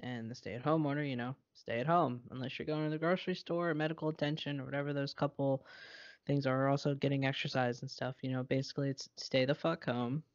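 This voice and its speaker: Fast and steady in tone, a medium-pitched man co-hosts a podcast with blunt sarcasm and plenty of swearing. The casual chat happens over an internet call. The recording is muffled and dry, with no room sound.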